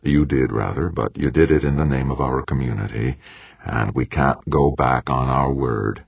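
A man voicing a stern elderly male professor, who talks slowly and brusquely. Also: very deep voice, gravelly, slightly rough, no echo, heavily acted. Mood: indignant. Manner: slow, brusque and irritable. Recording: dull, muffled audiobook recording.

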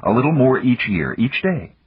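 Man doing a firm, husky-voiced woman president. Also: medium pitch, sing-song, normal speed, no echo, pitched above the performer's own voice. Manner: firm, insistent, lecturing. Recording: dull lo-fi audiobook recording.

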